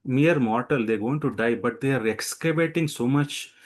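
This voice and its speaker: A man's voice: medium pitch, moderate pace, natural voice. A man reciting the words of Mother Earth as a scornful female deity who lectures about proud kings.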